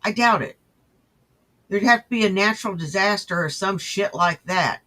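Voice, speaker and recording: A man's voice: sits high, normal speed, bright, forceful tone. A man hosting a profane reaction show, mocking and sarcastic as he talks back to clips. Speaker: host.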